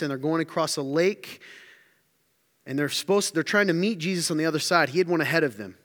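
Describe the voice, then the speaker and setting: Animated preacher in a reverberant hall. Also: male voice, mid-range voice. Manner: animated storytelling, acts out quotes. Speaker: pastor. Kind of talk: sermon.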